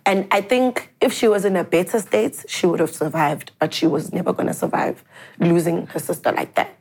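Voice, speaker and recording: A woman telling a personal story in an interview, in an earnest, halting way. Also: fairly low pitch, animated, a little mellow, a little hiss or hum. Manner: earnest, halting, mixes English and isiZulu phrases.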